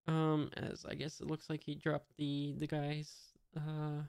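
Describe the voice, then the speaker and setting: A man reads a comic aloud at a slow, halting pace, with many fillers. His voice is clear and crisp. The recording is dry and close. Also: on the high side, monotone, darkish tone, no echo. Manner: hesitant, many fillers, reads out sound effects. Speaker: manga reader. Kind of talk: casual reading of a comic aloud.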